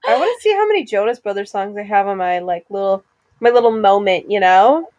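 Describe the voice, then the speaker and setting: A woman's voice: mid-range voice, animated, fairly quick, a little mellow, no echo, highs cut off. A young woman, co-hosting a casual podcast chat, bubbly and giggly. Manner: bubbly, giggly, slips into joke accents. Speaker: podcast co-host.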